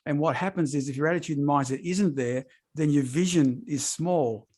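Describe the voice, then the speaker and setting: A man's voice: on the high side, normal speed, a little mellow. A middle-aged man hosting a podcast interview, effusive and upbeat, often repeating his praise. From Australia. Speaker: podcast host. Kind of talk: enthusiastic interview chat.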